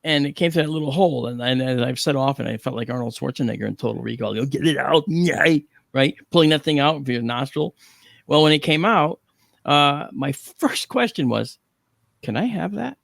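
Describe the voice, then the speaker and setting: A middle-aged man on a talk panel, telling a story with animated, acted-out dialogue and frequent 'okay?' check-ins. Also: medium pitch, brisk, creaky, no echo, clean studio sound. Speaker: panel guest.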